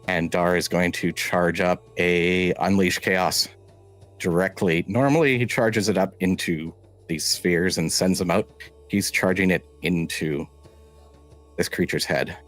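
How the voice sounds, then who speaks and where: Low-voiced man narrating a tabletop game. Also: fairly even intonation, a bit bright, soft background music. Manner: halting, measured storytelling with restarts. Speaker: game master.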